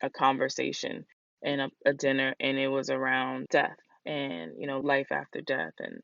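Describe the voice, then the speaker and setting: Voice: mid-range voice, moderate pace, creaky, fairly bright tone. A solo podcast host talks in a loose, rambling way, often circling back with "like" and "you know". The sound is dull and muffled, with no room echo at all. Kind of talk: casual solo podcast monologue.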